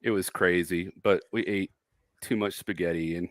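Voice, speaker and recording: A man's voice: low voice, fairly even intonation, normal speed, fairly bright tone, dry recording. A man co-hosting a casual livestream chat, telling a rambling story and laughing often. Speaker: co-host.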